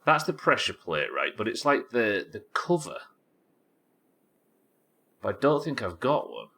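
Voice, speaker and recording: Bright-voiced Yorkshire man streaming. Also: medium pitch, very animated, measured pace, vocal fry. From England. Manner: rambling, sweary, thinking aloud. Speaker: game streamer. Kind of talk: casual live-stream chat while gaming.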